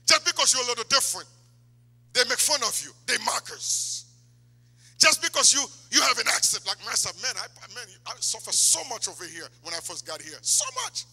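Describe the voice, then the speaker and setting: Male pastor, high and piercingly bright, fervent sermon delivery, church reverb. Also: breathy edge. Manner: impassioned, swings from loud exhortation to low asides. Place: church sanctuary. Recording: long church hall reverb.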